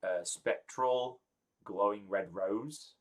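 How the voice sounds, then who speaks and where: A low-voiced man narrating as game master in a tabletop role-playing game. He talks casually and loosely, with lots of fillers. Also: slow pace.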